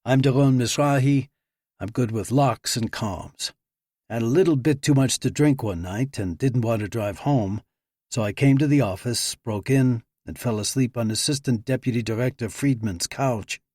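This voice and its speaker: A man's voice: medium pitch, normal speed, warm tone, no room sound, clean studio sound, natural voice. A man voicing a skeptical young lock expert in his twenties with a challenging tone.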